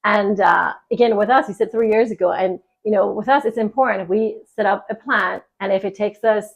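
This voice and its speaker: A woman's voice: medium pitch, brisk, vocal fry. A woman who hosts a podcast and works as a dentist, speaking in a casual, reassuring and encouraging way. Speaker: dentist host.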